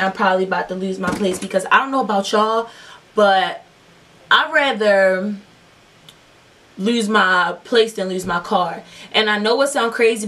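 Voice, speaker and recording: Young woman, vlogger, casual storytime, rambling, profane, mid pitch, slightly distant mic. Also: a bit bright. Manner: rambling, profane, lots of fillers. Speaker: beauty vlogger. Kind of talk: casual storytime while doing makeup.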